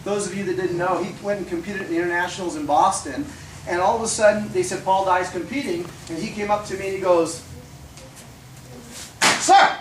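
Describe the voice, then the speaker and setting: A martial arts instructor giving a fast, animated tribute speech at a ceremony. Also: male voice, high voice, noisy background. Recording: echoey room, far from the mic.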